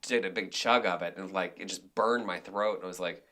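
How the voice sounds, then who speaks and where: A man being interviewed on a podcast, a director and actor telling animated stories in a casual, rambling way with many restarts. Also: low voice, fairly quick.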